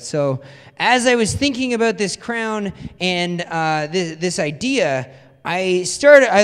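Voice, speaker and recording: Young-adult ministry pastor, male, higher-pitched voice, loose and self-mocking storytelling, long hall reverb. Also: clean tone. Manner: chatty, self-deprecating storytelling with many "like"s. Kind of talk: casual conversational sermon. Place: church hall.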